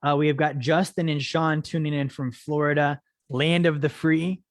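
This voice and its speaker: A young man hosts a live-streamed finance lesson in a higher-pitched, steady voice at normal speed, recorded in studio quality with no echo. As a financial education course host, he talks energetically, asking "right?" and "okay?" again and again to rally viewers.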